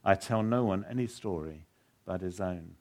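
A man voicing a great, calm lion in a slow, solemn, measured way. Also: sits low. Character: great lion, majestic, calm and deep-voiced.

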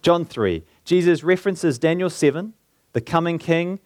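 A man preaching a sermon in an earnest way, slowing down and lifting his voice to stress key points. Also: fairly high pitch, a little mellow, no room sound. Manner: earnest, slows down and lifts his voice for emphasis.

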